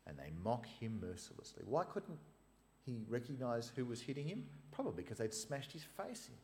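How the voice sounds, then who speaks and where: A man's voice: mid-range voice, sing-song, normal speed, darkish tone, a little hiss or hum. A man preaching a sermon, retelling scripture in an emphatic, storytelling way with casual asides. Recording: long reverb of a large hall.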